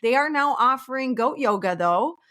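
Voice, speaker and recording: A woman with a high, fairly bright voice talks animatedly at normal speed. She's a realtor from small-town Minnesota with a Minnesotan accent, appearing as a guest in a casual interview, where she tells stories in a friendly way and laughs easily.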